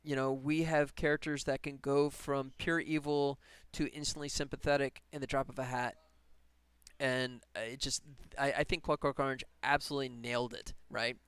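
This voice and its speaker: A man's voice: medium pitch, little pitch movement, moderate pace, fairly bright tone, clean tone, no echo. A man game developer chatting casually on a live stream while he works, rambling and laughing often. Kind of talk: casual livestream chat while working.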